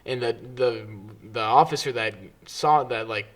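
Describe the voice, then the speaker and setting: A young man co-hosting a casual podcast tells stories with lots of energy, swearing freely and mimicking other people's voices. His mid-range voice keeps an unhurried pace.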